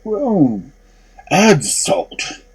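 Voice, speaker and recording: A man voicing a huge, gruff, suspicious male ogre in a storybook reading. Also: high voice, wildly swooping pitch, drawn-out words, pitched above the performer's own voice, full character voice.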